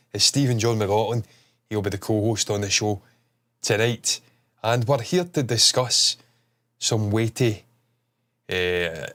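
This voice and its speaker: A man's voice: mid-range voice, fairly bright tone. A man with a stuffed-up nose, hosting a casual chat stream, rambling and swearing casually. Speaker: host.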